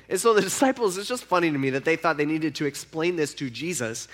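A man's voice: a little high, animated, fast talker, hardly any pauses. A man preaching, retelling a Bible story in a casual, chatty way and acting out the characters' lines.

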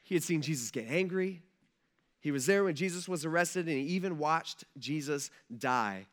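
Male pastor, high bright voice, chatty conversational sermon delivery. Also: lively intonation, moderate pace. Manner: conversational, repeats "right?" and "all right".

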